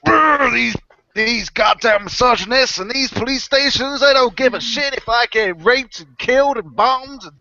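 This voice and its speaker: A man doing a shrill woman with a thick country accent, ranting and drawling. Her voice sits far up and strains with loudness. It comes over a muffled, lo-fi voice chat. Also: normal speed, heavily acted.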